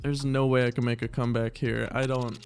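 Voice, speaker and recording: A man's voice: medium pitch, level tone, brisk, slight background noise. Swearing young man opening game cases. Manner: swearing, pleading and exasperated. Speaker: case-opening YouTuber. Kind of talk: casual gaming commentary.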